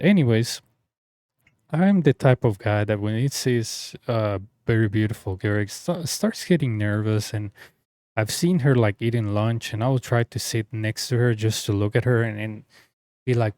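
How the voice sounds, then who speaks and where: Young man, casual story, rambling, filler words, somewhat low voice, dry recording. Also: moderate pace, a little mellow, no room sound. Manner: rambling, many fillers and restarts. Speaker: story reader. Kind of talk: casual first-person storytelling.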